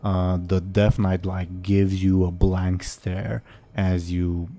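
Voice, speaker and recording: A man narrating as game master in a tabletop role-play game, relaxed and full of fillers. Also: deep voice, slow pace.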